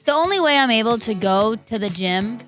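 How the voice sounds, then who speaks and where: A woman's voice: a little high, lively intonation, fairly quick, a bit bright, soft background music. A woman co-hosting a sports radio show, chatting and reading a sponsor spot in a conversational way. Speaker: radio co-host. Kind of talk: casual chat and live read ad.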